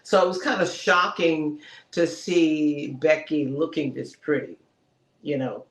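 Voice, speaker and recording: Man, fairly high voice, casual TV review chat, animated storytelling, echoey room. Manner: animated, retells scenes and acts out the characters' lines. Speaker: podcast co-host reviewing a TV episode. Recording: roomy echo.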